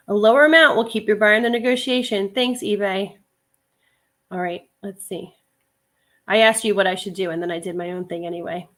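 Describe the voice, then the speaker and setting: A middle-aged woman chatting casually on a livestream, reading viewer comments, laughing often and wandering into asides. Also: mid-range voice. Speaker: livestream host, reseller.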